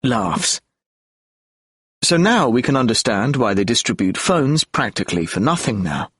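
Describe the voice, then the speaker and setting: A man's voice: medium pitch, big pitch swings, fairly quick, fairly bright tone, breathy edge, no echo, studio quality. A man reading an audiobook of lecture transcripts in a reflective, argumentative lecture tone. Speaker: audiobook narrator.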